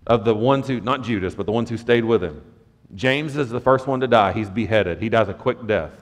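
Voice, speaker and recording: A man preaching a sermon as pastor, conversational and lively, with asides to the congregation. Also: lowish voice, fairly quick, big-room sound. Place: church sanctuary.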